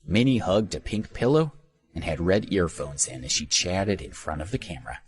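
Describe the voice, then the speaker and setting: Deep, lively male storyteller. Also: normal speed. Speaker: narrator. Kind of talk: audiobook narration.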